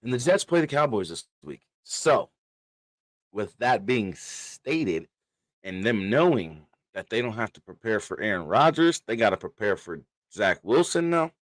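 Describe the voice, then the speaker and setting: A man hosting a sports podcast in casual chat, animated, laughing often and trash-talking rivals. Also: lowish voice, a little slow, no room sound. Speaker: podcast host.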